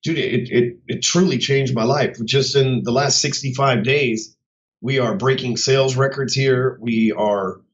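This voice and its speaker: A man's voice: mid-range voice, measured pace. Blunt, swearing man talking casually. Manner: blunt, profane, swaggering. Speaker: host of his own show. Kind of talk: casual unscripted monologue. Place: his office. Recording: dull muffled sound.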